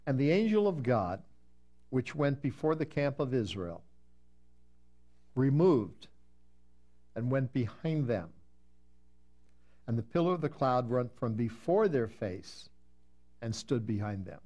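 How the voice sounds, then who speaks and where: A man's voice: mid-range voice, animated, dark tone. Man preaching, emphatic Bible teaching. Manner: reads scripture slowly with emphasis, then explains conversationally. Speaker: pastor.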